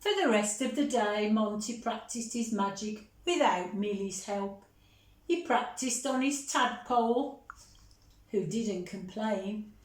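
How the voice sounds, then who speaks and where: A woman reading a picture book aloud to children, gently chatting with them between pages. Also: mid-range voice, slow. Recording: roomy echo.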